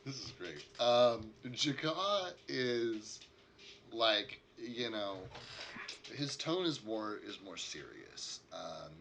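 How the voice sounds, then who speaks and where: A man narrating as the game master of a tabletop game, in an animated, self-correcting way. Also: fairly low pitch, extremely slow, creaky, slight background noise.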